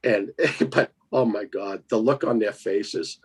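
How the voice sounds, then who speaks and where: A man telling a spooky story as a guest. He is lively and emphatic and keeps checking in with "right?". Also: fairly low pitch, takes it slowly, husky. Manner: lively, emphatic, tags lines with 'right?'. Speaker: paranormal investigator guest. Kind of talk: casual storytelling.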